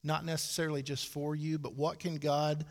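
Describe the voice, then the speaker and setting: A man's voice: a little high, level tone, normal speed. A man, preaching a sermon to his church in a folksy, conversational way with dry asides. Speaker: pastor. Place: church sanctuary. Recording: hall with long reverb.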